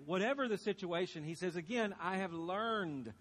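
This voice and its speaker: A man's voice: high voice, animated, normal speed, hardly any pauses, a bit bright. A man pastor preaching a sermon, earnest and questioning, repeating phrases for emphasis.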